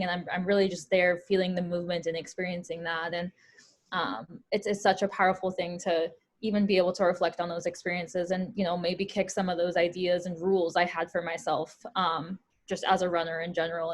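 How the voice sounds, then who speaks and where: A woman on a panel talk, speaking reflectively with many "you know" fillers. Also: lowish voice. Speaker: panel guest, runner.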